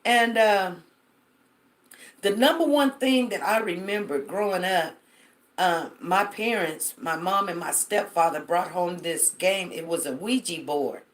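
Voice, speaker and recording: A woman's voice: fairly low pitch, a little slow. Chatty woman hosting a live stream. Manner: chatty, storytelling, addresses viewers directly, many fillers. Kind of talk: casual live-stream chat. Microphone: phone.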